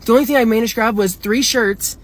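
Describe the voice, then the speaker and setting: A woman's voice: a little high, fast talker. A young woman telling a storytime in a casual, upset and rambling way, swearing a lot. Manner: upset, rambling, heavy swearing, many "like" fillers.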